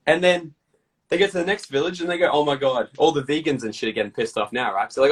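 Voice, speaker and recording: A man being interviewed, talking bluntly with lots of swearing and lively storytelling. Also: fairly high pitch, fast talker, slightly rough, recorded from a distance, low-quality recording. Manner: blunt, profane, animated storytelling. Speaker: guest. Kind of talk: casual interview chat.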